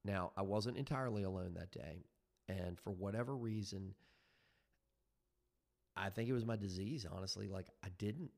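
A man in his fifties with a deep, low voice tells his own recovery story into a headset mic. He talks in a halting, reflective way, full of ums and restarts as he searches for words. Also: creaky, a little mellow. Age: 50s.

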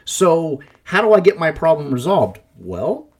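A man's voice: a little high, sing-song, a little slow, a little mellow, husky. A man hosting a podcast, chatting casually and animatedly, often restarting his sentences. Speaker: podcast host.

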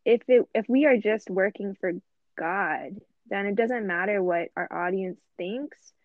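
A woman's voice: mid-range voice, unhurried, no echo. Woman, podcast co-host, earnest and reflective, dry tinny phone-like sound. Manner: earnest, reflective, quotes scripture. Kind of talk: casual faith discussion.

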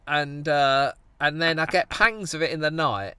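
A man's voice: on the high side, measured pace, sharp tone. A man chatting and mocking himself in a casual comedic podcast. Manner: self-mocking, laughs often. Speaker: podcast co-host.

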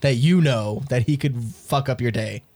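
A man co-hosting a casual podcast, playful and animated. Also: mid-range voice, normal speed, breathy edge. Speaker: podcast co-host.

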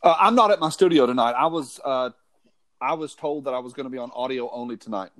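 A man's voice: medium pitch, fast, a bit bright, no room sound. A man as a guest on a casual podcast, wry with dry humor.

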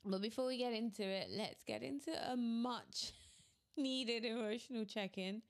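A woman's voice: fairly high pitch, unhurried. A woman in her thirties hosting her own podcast, talking candidly and laughing between phrases while she admits she is irritated. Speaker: podcast host. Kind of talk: casual solo podcast talk.

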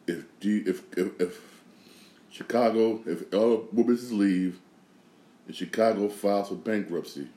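In an echoey room, a man with a low, dark voice hosts a podcast full of opinionated sports and news commentary. He speaks emphatically, repeating phrases and restarting sentences.

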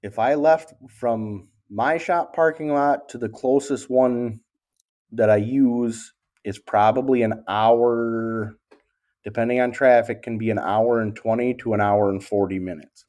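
A man's voice: mid-range voice, fairly even intonation, unhurried, a little mellow. A man with a Wisconsin accent, an HVAC business owner, speaking as a guest in an easygoing way. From Wisconsin, United States. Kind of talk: casual interview.

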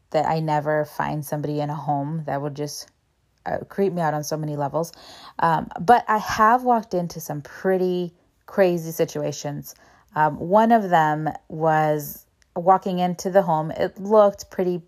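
A woman's voice: lowish voice, a little mellow. A woman who works as a real estate agent, telling stories in a casual, earnest vlog and acting out the people she quotes.

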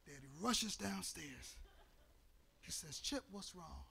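A man from Chicago preaching in a church sanctuary, his voice set very high for a man and ringing sharp and bright. There is a gravelly fry under his tone. He tells a story and then rises into shouted, half-sung preaching. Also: expressive, slow pace, slight background noise. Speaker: pastor. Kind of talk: sermon.

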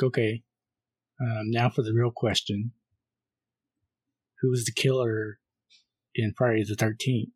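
On a film podcast, this male co-host walks through a horror movie scene by scene in a relaxed way, delivering the caller's lines flatly. He has a medium-pitched, slightly rough voice, recorded without echo.

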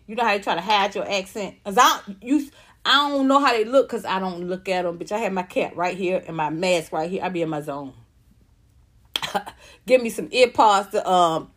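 Woman in her fifties, comedian, livestream rant, profane, repetitive, fired-up, fairly high voice. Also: a bit bright. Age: 50s.

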